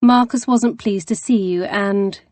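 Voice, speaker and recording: A woman's voice: medium pitch, steady tone, a little slow, darkish tone, dry recording, natural voice. A woman voicing a stern, composed noblewoman who speaks in a clipped, commanding way. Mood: softened.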